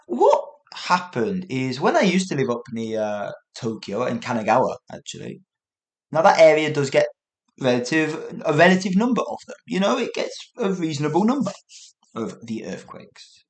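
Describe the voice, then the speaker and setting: A middle-aged man, hosting a podcast for learners and telling a story in a casual way. He is animated, mimics sounds with little noises and corrects himself mid-sentence. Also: mid-range voice. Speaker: English teacher podcast host.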